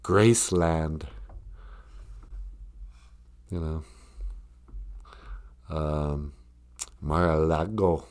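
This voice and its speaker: A man chatting on a live stream at an unhurried pace, his pitch rising and falling in a lively way. He rambles and jokes, reads out viewer comments, and laughs often.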